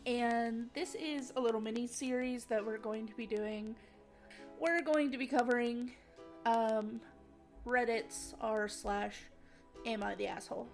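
A young woman with a somewhat high, gravelly voice co-hosts a casual podcast. She talks bluntly, teases her co-host and swears freely. Faint music plays behind her. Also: fairly even intonation, measured pace. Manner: profane, teasing and blunt.

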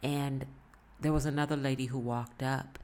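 Low-voiced woman giving earnest advice. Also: steady tone, normal speed, darkish tone. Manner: earnest, repeats herself for emphasis. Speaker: vlogger giving life advice. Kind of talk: casual motivational talk.

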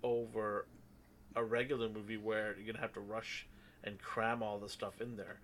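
A man's voice: lowish voice, little pitch movement, moderate pace, a bit bright, slight background noise. A man hosting a casual discussion podcast, leading the talk with playful, mock-sarcastic teasing. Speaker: podcast host.

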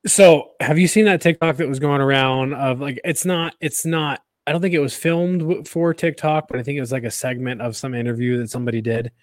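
A man's voice: medium pitch, steady tone, fairly quick, hardly any pauses, dry recording. A man co-hosting a podcast, telling rambling stories in casual chat, often restarting and laughing at himself. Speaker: podcast co-host.

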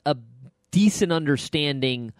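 A man hosting a casual podcast, rambling and cracking jokes as he goes. His pitch rises and falls a lot. The sound is dry and close, with no room around it. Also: measured pace, clean tone, no room sound. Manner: animated, rambling, joking. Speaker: podcast host.

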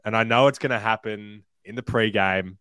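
A man with an Australian accent co-hosting a casual fan podcast, playful and quick to laugh and tease. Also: fairly low pitch, fairly even intonation, bright, forceful tone, clear, resonant tone, no room sound. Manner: laughs often, playful teasing. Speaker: podcast co-host.

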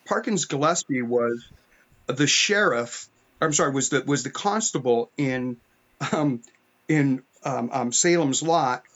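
A man's voice: mid-range voice, measured pace, a bit bright. A man from upstate New York, an author guest telling stories in a rambling, filler-heavy podcast chat. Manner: rambling storyteller with many fillers. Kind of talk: casual podcast conversation. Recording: muffled lo-fi audio.

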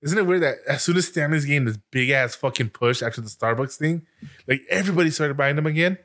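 A man's voice: a little high, quick pace, a bit bright. A young man co-hosting a casual podcast, talking in a crude, chatty way. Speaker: podcast co-host. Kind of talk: casual chat.

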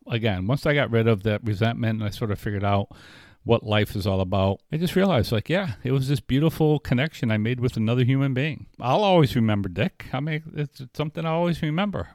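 A man talks at a middle pitch, looping back and restarting his thoughts as he tells a long personal story in relaxed conversation. His voice is recorded close and dry, with no room sound. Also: fast talker, no room sound. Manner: rambling, frequent restarts and filler. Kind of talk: casual storytelling chat.

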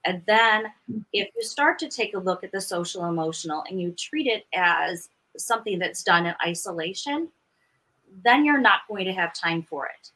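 Bright-voiced veteran teacher woman. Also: fairly low pitch, moderate pace, rough recording. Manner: earnest, steady storytelling. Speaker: podcast guest, veteran teacher. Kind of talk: casual interview talk.

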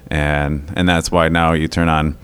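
A man's voice: very deep voice, level tone, unhurried, a bit bright, clear, resonant tone. A man in casual conversation on a podcast, explaining things at length with many ums and uhs. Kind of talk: casual chat.

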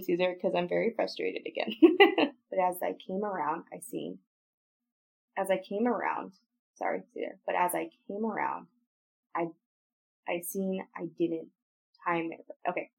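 A woman's voice: on the low side, expressive, a little slow, vocal fry, pauses often, breathy edge. A woman hosting a podcast in casual outtakes, laughing, apologizing and restarting her story lines again and again. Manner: breaks off to retry story lines. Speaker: podcast host.

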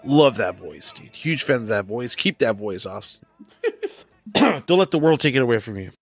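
A man's voice: mid-range voice, animated, moderate pace, soft background music. A young man as a podcast guest, chatting casually and enthusiastically, full of slang. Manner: slangy, enthusiastic, says bro a lot. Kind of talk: casual chat.

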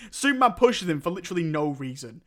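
A man's voice: on the high side, big pitch swings, quick pace, fairly bright tone. A young man, co-hosting a casual film review podcast, joking and laughing often as he retells scenes. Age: young adult. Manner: laughs often, jokey, mimics film characters. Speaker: podcast co-host.

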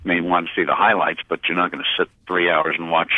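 A man with a very low voice answers interview questions slowly and haltingly, stopping often on filler sounds and restarting his phrases. The sound is thin and phone-like, with no room around it. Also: little pitch movement, no room sound. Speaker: interview guest, publisher. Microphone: phone line. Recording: tinny phone line, dry.

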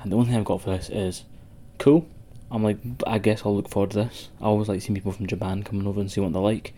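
A Scottish man chats casually on a podcast, rambling and swearing often. His voice sits low, with a warm and mellow tone. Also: flat delivery, quick pace, slight background noise. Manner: sweary, rambling, laughs a lot. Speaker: podcast co-host.

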